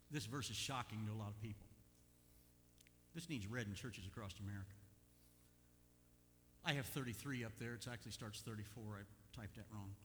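Man, pastor, folksy sermon, bright voice, long hall reverb. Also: medium pitch, a little hiss or hum. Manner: folksy and animated, chuckling between points.

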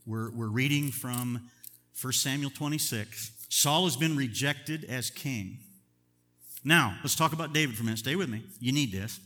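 An older man preaching a sermon as pastor, chatty and chuckling, moving between loud emphatic bursts and quiet asides. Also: mid-range voice, moderate pace, long reverb tail.

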